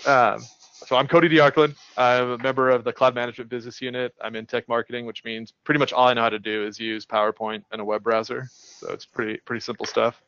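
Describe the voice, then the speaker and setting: A man's voice: mid-range voice, little pitch movement, quick pace, fairly bright tone, no echo, lo-fi sound. A man in tech marketing presenting on a casual panel, joking and playful.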